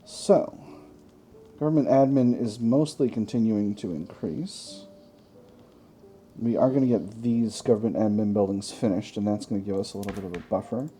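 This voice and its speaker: A man's voice: fairly low pitch, normal speed, mellow, soft background music. A man hosting a gaming channel, chatting through a strategy game, thinking aloud with wry self-mocking asides.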